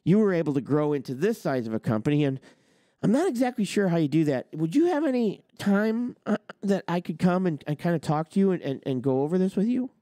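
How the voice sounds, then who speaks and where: A man's voice: fairly high pitch, very animated, fairly quick, warm tone, no echo, studio quality. Sarcastic ranting man, swings up and down. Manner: heated, sarcastic, swears, mocks others in put-on quotes. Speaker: trucking channel host. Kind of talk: ranting opinion monologue.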